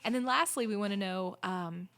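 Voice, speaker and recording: A middle-aged woman appears as a guest on a podcast, telling her story as an inn owner and corporate chef in a chatty, upbeat casual interview. Her voice is mid-range and a bit bright, at normal speed.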